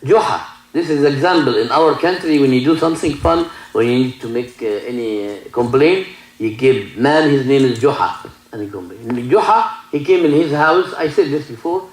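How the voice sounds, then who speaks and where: A man with an Egyptian Arabic accent, a native Arabic speaker, preaching a sermon and telling stories in halting English full of restarts. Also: mid-range voice, animated, reverberant, low-quality recording. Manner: broken English, many restarts, mixes in Arabic. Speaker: sheikh giving a talk. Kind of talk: sermon with storytelling.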